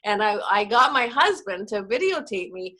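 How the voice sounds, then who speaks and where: A woman's voice: medium pitch, very animated, moderate pace, pushed and bright. A Canadian woman, a network marketing coach, telling self-mocking stories in a casual chat on a video call. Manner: chatty, self-mocking storyteller.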